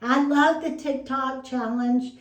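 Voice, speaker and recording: A woman's voice: high-pitched, fairly even intonation, takes it slowly. An older woman co-hosting a podcast in a chatty, easygoing way, laughing easily and repeating herself. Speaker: podcast co-host. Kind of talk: casual chat. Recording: roomy sound from off-mic.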